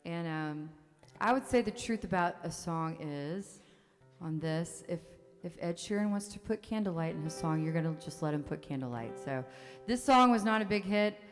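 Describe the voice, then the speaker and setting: A woman's voice: fairly low pitch, expressive, moderate pace. Chatty woman in her forties, reverberant hall. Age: 40s. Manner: chatty, self-interrupting, laughs often. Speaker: songwriter performing a one-woman show. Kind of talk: storytelling and Q&A with a live audience. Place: theater stage. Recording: long hall reverb, faint music.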